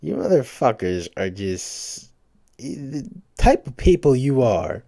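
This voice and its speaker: Man, mid-pitched, tired, profane rant, rambling restarts, dry close sound. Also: very animated, slow, warm tone, no room sound. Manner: profane, rambling, repeats himself with false starts. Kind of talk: ranting to camera.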